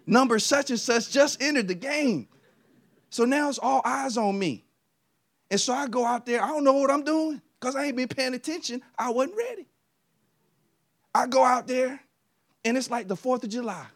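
Male preacher, middle-aged, american, high voice, storytelling sermon, loud bursts then low asides. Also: lively intonation, moderate pace, long pauses. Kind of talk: energetic sermon.

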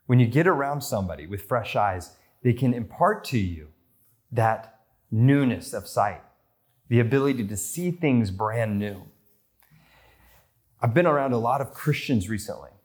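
An American man in his thirties preaching a sermon, telling stories and lifting his voice for quoted lines and excited passages. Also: a little slow. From United States. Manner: storytelling, rises in pitch for quoted voices and excitement. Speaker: pastor.

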